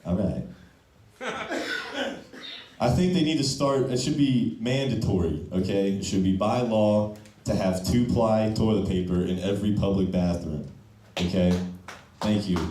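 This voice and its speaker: A young adult man does open-mic stand-up on a comedy club stage with a loose, punchy delivery, often ending lines on "okay?". His voice is fairly low, unhurried, and mellow, picked up by a distant mic in an echoey room with a bit of hiss or hum.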